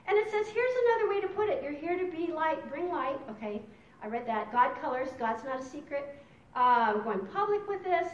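A high-voiced woman teaches a Bible study, reading scripture aloud with emphatic, animated delivery. Her pitch leaps up and down as she talks. She sounds distant and roomy on a dull recording. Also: normal speed.

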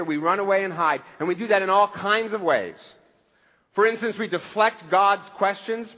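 A man's voice: high-pitched, a bit bright, big-room sound, muffled recording. A man preaching a conversational sermon as a pastor, with wry humor.

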